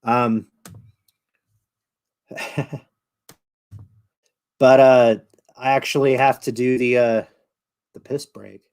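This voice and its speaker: A man's voice: medium pitch, flat delivery, very slow, pauses often, darkish tone, smooth. A man hosting his own channel, casually retelling a show in a rambling, profane way with lots of fillers. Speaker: channel host.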